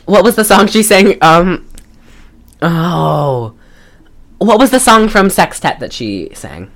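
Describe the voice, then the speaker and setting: A woman's voice: fairly low pitch, very animated, slow pace. A woman co-hosting a podcast in casual chat, blunt and exasperated, rambling with many restarts. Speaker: podcast co-host.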